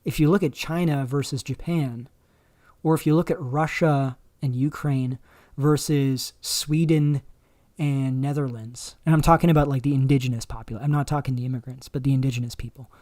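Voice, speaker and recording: A man hosting a livestream, talking in a rambling, halting way with many fillers and restarts. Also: medium pitch, steady tone, a little mellow, no room sound, studio quality. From Canada. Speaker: livestream host. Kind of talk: casual livestream commentary.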